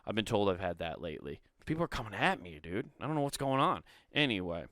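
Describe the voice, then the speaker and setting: A man's voice: lowish voice, sing-song, fast, fairly bright tone, no room sound, clean studio sound. A man hosting a comedic solo podcast, reading an article aloud and breaking off into irreverent, profane asides.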